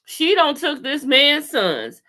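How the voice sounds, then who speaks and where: A woman hosting a casual chat over a video call, talking in an animated, sassy way with lots of slang and laughter. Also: high voice, slow pace. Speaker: podcast host recapping a TV show.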